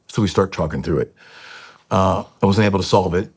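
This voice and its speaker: Low husky-voiced man telling a personal story. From United States. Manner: earnest, halting, with frequent fillers and restarts. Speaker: podcast guest.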